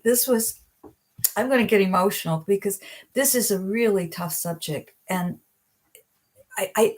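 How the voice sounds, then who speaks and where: A middle-aged woman hosting a psychic advice live stream, talking earnestly and gently and slowing down at heartfelt points. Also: fairly low pitch. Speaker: psychic video host. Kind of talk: reflective live-stream talk.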